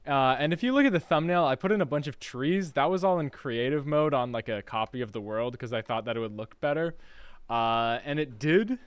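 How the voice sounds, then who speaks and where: Young male streamer, dorm-room chat, smooth clear voice, dry close sound. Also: medium pitch, expressive, brisk, no echo. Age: young adult. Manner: chatty and scattered, laughing and reading chat aloud. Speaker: livestreamer. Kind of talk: casual live-stream chat. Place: his college dorm room.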